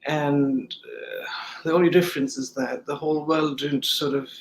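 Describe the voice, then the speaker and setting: A man from the United States with a British-sounding accent, a guest talking hesitantly with many pauses. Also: fairly high pitch, fairly even intonation, poor audio. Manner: hesitant, many ums and restarts. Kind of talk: casual chat on a video call.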